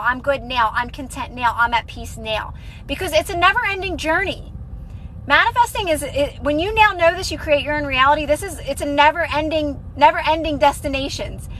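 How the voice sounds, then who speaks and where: Bright, high-voiced woman streaming live. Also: slight background noise, poor audio. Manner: rambling, restarts sentences often, many "like" fillers; encouraging and earnest. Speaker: manifestation content creator. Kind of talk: casual live-stream chat answering viewers.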